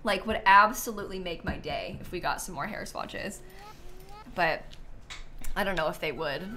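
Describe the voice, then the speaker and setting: A woman's voice: lowish voice, moderate pace, sharp tone, slight background noise. Woman streamer, casual game commentary, thinking aloud, faint clicking behind. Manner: chatty, thinking aloud while playing. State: sleepy, yawning.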